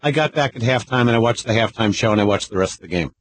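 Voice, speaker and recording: A man's voice: lowish voice, fast, rough recording. A man co-hosting a radio talk show, chatty and playfully contrary in casual banter.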